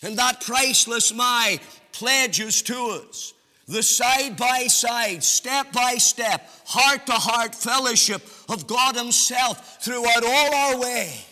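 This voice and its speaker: A man preaches at a slow, deliberate pace, his voice high and very bright. His phrases rise into a sing-song lilt and stretch out for emphasis. The sound rings with the long reverb of a church hall. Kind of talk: sermon.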